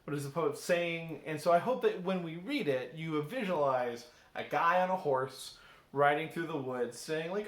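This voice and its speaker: A male English teacher reads a poem aloud to his class and then explains it conversationally, often checking in with "right?". His voice is a little high and fairly bright at a moderate pace, and the recorded lesson has a roomy echo.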